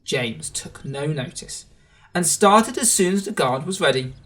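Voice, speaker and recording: A man reading a children's storybook aloud in a gentle, expressive way. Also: on the high side, measured pace.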